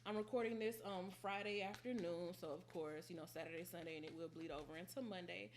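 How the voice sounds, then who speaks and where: A woman's voice: on the low side, fast talker, a little hiss or hum. A woman giving a casual tarot reading, teasing and blunt, with plenty of slang and frequent laughter. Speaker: tarot reader.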